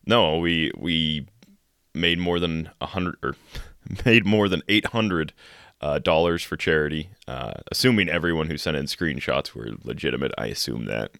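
A very deep-voiced man talks in a relaxed, halting way, full of fillers. His voice sounds dry and close to the mic, from a room at home. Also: gravelly, no room sound. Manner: hesitant, filler-heavy, laid-back. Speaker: podcast co-host. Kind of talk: casual podcast chat.

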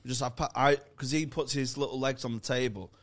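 Hungover co-host, crude and jokey, rambling anecdotes. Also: male voice, mid-range voice, steady tone, fast. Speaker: podcast co-host. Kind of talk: casual comedy chat.

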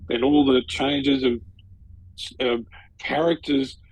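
A man's voice: medium pitch, fairly even intonation, slow pace, darkish tone, slight background noise, poor audio. An Australian man co-hosting a podcast, talking enthusiastically in casual chat. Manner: enthusiastic, gushing with restarts. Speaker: podcast co-host.

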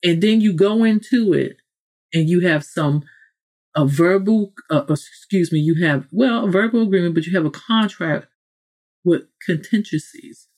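Speaking at a moderate pace in a lowish, slightly mellow voice, a woman addresses her podcast listeners directly with preachy motivational talk. She keeps interrupting herself to make corrections and asides.

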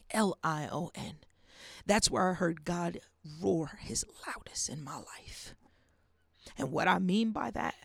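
Gravelly woman preaching on a podcast. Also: lowish voice, no room sound. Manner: earnest preaching with hushed emphasis. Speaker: podcast host. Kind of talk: faith-based podcast monologue.

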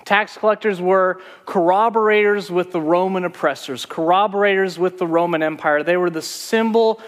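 A man's voice: sits high, normal speed, in a large hall. A man preaching a sermon as pastor, telling stories in a conversational way.

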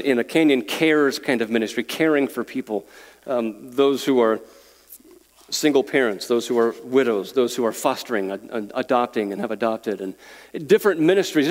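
A man's voice: medium pitch, fairly quick. A man preaching a sermon as pastor, earnest, chuckling and repeating words as he makes his points. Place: church sanctuary. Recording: long reverb of a church hall.

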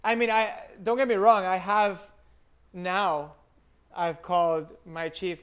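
High-voiced man, blunt podcast guest. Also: fairly even intonation, unhurried, fairly bright tone, clean tone. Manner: blunt and emphatic, casual slang. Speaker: firefighter guest. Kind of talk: casual podcast interview.

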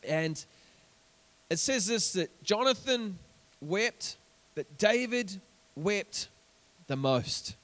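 Kiwi preacher, man with a high voice, repeats himself, rallies the congregation. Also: expressive, very slow, pauses often, a bit bright. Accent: New Zealand. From New Zealand. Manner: repeats words as he builds, calls out to the congregation. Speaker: pastor. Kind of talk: sermon.

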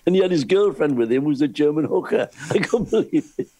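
An older man, a former cruise ship entertainer, telling lively anecdotes with frequent laughs. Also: fairly high pitch, fast talker, crowd noise. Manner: lively storyteller, laughs often, restarts. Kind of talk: anecdotal chat.

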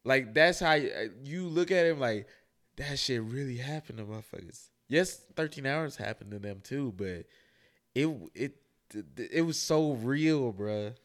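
A young adult man co-hosting a casual podcast, swearing freely and getting loud and worked up. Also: mid-range voice, expressive, unhurried. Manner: loose, profane, gets loud and worked up. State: sleepy from drinking. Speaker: podcast co-host.

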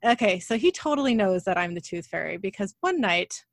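A woman co-hosting a podcast, a mother telling a family story in casual chat, animated and acting out the lines of the people in it. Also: mid-range voice, fairly quick, very noisy. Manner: animated storyteller, acts out her child's lines.

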